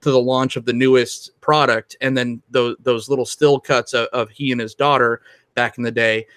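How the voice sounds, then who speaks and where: A man's voice: mid-range voice, flat delivery, moderate pace, fairly bright tone, no echo. A man co-hosting a podcast, talking about films in a rambling way with lots of restarts and ums. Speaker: podcast co-host. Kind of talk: casual film discussion.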